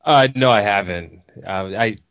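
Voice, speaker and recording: A man's voice: fairly low pitch, a little slow, a bit bright, clean tone, dull audio. A man co-hosting a casual podcast who teases dryly and asks for context. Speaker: podcast co-host.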